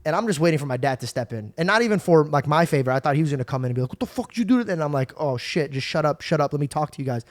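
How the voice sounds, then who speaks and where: A young man hosting a podcast, telling stories in a casual, animated way. He swears and acts out the people in his stories. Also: on the high side, racing, hardly any pauses, dry recording. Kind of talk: casual storytelling chat.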